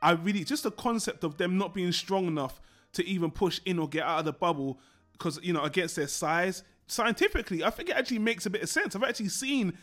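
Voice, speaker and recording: A man's voice: high voice, fast, fairly bright tone, faint music behind. Upbeat man gushing about old cartoons. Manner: enthusiastic, nostalgic. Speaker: podcast co-host. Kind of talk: casual film discussion.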